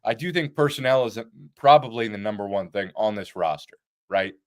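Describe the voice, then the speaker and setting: Co-hosting a postgame football analysis show, a man talks bluntly and casually, swearing and listing points with "like" and "right?" as rhetorical checks. His voice sits on the low side, expressive, at a moderate pace.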